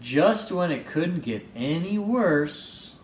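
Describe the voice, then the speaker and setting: A man reading a children's picture book aloud, slow and playful, doing voices as he goes. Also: reverberant, slight background noise. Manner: slow, expressive, playful read-aloud with lively pitch. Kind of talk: storybook read-aloud with voices.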